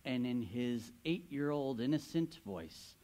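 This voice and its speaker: Animated, lively-pitched male pastor preaching. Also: measured pace. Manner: animated storytelling, playful asides to the congregation. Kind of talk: sermon.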